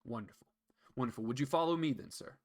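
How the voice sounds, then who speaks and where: A man's voice: medium pitch, quick pace, natural voice. A man voicing a polite male tiefling guard sergeant in his mid-thirties in a tabletop game.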